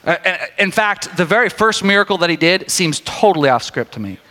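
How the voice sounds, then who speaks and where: Male preacher with a bright, sharp tone, talking casually and joking with the crowd, recorded in a reverberant hall. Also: sits high, fairly quick. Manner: conversational, animated, jokey asides. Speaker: pastor. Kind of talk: sermon.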